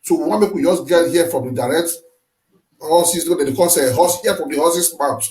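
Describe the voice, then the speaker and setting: A man with a Nigerian Pidgin accent hosting an interview, asking drawn-out, animated questions. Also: on the high side, echoey room, poor audio. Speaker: host.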